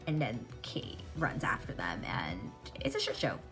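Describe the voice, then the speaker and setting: A woman recapping a TV episode in casual reaction chat, animated and excitable, swearing freely. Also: extremely low pitch, measured pace, soft background music. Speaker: TV reaction vlogger.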